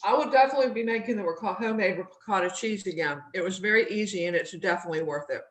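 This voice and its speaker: A woman's voice: mid-range voice, very fast, fairly bright tone, echoey room, rough recording. Friendly guest cooking coach, woman. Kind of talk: casual chat.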